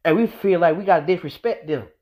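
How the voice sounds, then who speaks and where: A man's voice: high-pitched, fast, a little mellow. A young man telling a personal story in a casual monologue, emphatic and repetitive as he drives his point home. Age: young adult. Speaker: vlogger.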